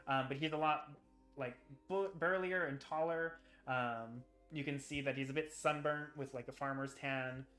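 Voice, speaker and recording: Bright-voiced man running a tabletop game. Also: medium pitch, steady tone, normal speed, soft background music. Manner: laughing, filler-heavy narration. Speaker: game master.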